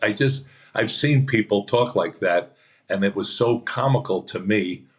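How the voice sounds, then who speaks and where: A man's voice: lowish voice, a little slow. A man, an actor on a podcast, telling rambling anecdotes in a chatty way and acting out what others said. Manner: chatty, acts out quoted voices. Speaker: actor guest.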